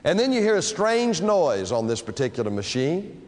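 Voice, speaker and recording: A man preaching from the pulpit, his voice sitting a little high for a man. He draws out key words slowly and then rushes through stories. The sound rings with the long reverb of a big sanctuary. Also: sing-song. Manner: dramatic pulpit delivery with slow, emphatic phrases. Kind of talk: sermon. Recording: long reverb of a large hall.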